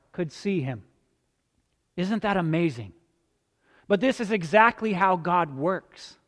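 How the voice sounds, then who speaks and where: A man preaching a sermon as pastor, slow and deliberate with dramatic pauses, in a church sanctuary. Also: high voice, fairly bright tone, long reverb tail.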